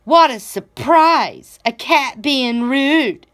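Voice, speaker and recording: A woman's voice: sits high, very animated, slow pace, vocal fry, bright, forceful tone, breathy edge, pitched above the performer's own voice, heavily acted. A woman doing a sneering storybook goat. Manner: snide, sneering. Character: sassy rude female goat, quick to sneer. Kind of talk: children's storybook reading.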